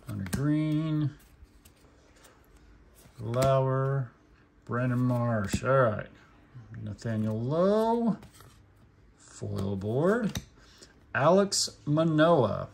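Gravelly-voiced man with an Okie-Hoosier twang, unhurried, reads names off one by one, faint hum behind him. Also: medium pitch. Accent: Oklahoma and Indiana mix. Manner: reads names aloud one by one with short remarks. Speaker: card collecting channel host. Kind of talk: casual pack-opening commentary.

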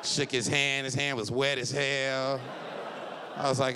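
A man with a medium-pitched, level voice speaks at a measured pace during a stand-up set at a comedy club. He tells rambling stories and slips into other people's voices for quotes, while the live audience and room noise come through loudly.

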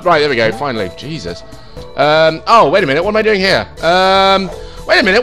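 Excitable sweary gamer. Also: male voice, moderate pace, soft background music. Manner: excitable, sweary, jumps in pitch. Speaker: gaming channel host. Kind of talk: let's play commentary.

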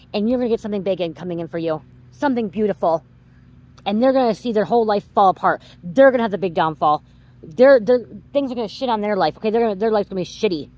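A woman's voice: on the high side, a little mellow, poor audio. A woman giving a psychic reading straight to her viewers, emphatic and repetitive, swearing freely and getting worked up as she goes. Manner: gets worked up and heated. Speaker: psychic card reader.

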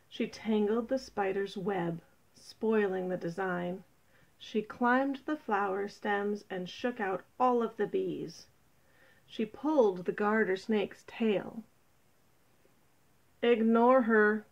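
A woman reading a children's picture book aloud in a gentle, expressive, unhurried way. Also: mid-range voice. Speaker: storybook reader.

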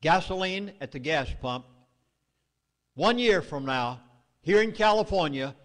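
A middle-aged man with a Southern US accent addresses a meeting in a public speech. He speaks in a fairly high voice. He delivers his warnings emphatically and urgently. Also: lively intonation, a little slow, long reverb tail.

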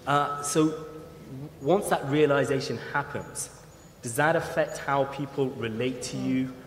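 A man moderating a festival panel, framing questions haltingly with frequent restarts. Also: medium pitch. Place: large festival hall. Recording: roomy echo and long hall reverb, faint noise.

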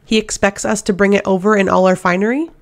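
A woman's voice: mid-range voice, fairly even intonation, fast, lightly acted. A woman voicing a hot-headed, protective young male warrior who talks in a brash, demanding way, in an audiobook.

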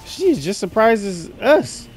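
High-voiced male gamer talking slangy and loose at night, jumping into yelps when scared, with faint music behind him. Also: sing-song, takes it slowly, a little mellow. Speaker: gaming streamer. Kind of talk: casual let's-play commentary. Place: dark room at night.

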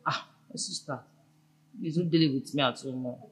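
A woman's voice: low-pitched, moderate pace, close to an everyday voice, rough recording. A woman playing a fretful, protesting wife. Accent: Nigerian. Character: anxious wife confiding in her friend.

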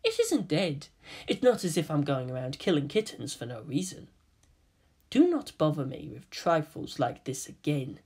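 Kaoru, a soft-spoken menacing teen boy, as a reader puts him on. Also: medium pitch, huge pitch swings, normal speed, slightly rough, heavily acted. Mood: cold calm. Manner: cold, quiet, threatening. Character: calm menacing teenage half-angel boy.

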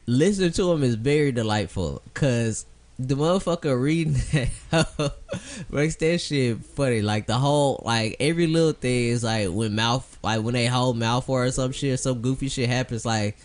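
A young man talks loosely on a podcast, laughing easily and swearing as he goes. His pitch sits in an ordinary middle range, and he breaks into silly impressions now and then. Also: normal speed. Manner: laughs often, swears freely, slips into goofy voices. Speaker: podcast co-host. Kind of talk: casual chat.

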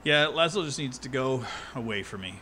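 Wry, bright-voiced male streamer. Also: medium pitch, expressive, normal speed, slight background noise. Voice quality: sarcastic, wry. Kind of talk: live gameplay commentary.

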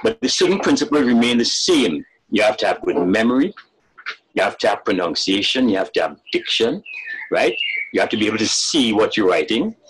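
An older man, talking as a storyteller in a webinar interview, animated and laughing at his own jokes. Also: fairly low pitch, brisk, noisy background. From Caribbean. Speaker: storyteller and writer. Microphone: video call.

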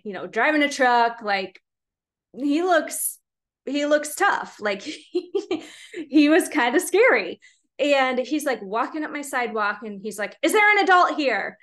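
A woman's voice: fairly high pitch, fairly bright tone. A woman in her forties, a mother of teenagers, telling a rambling story casually to her viewers. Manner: chatty, rambling, filler-heavy.

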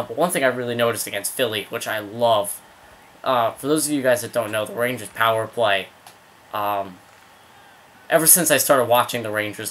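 A young man casually commentating his own hockey video game, rambling between excited outbursts at the plays. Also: lowish voice, a little hiss or hum. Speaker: gaming video host.

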